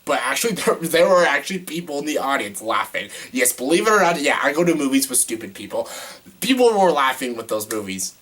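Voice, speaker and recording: A man's voice: mid-range voice, sing-song, a little fast, fairly bright tone. A young man giving a casual movie review, exasperated and ranting, with lots of "like" and frequent swearing. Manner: exasperated ranting, heavy use of "like", swears often.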